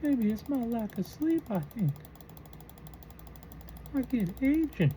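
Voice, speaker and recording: Woman doing a croaky old-timer voice, high and thin, throaty, slow drawl. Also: sing-song, mellow, a little hiss or hum, poor audio. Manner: drawn-out, slowed speech.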